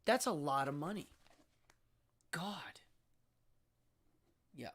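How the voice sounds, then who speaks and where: Alone on a live stream, a fifty-something host talks casually in a mid-range voice that is animated and a bit bright, at a slightly slow pace. Like a teacher, they act out sounds, pronounce words with care and draw them out for emphasis.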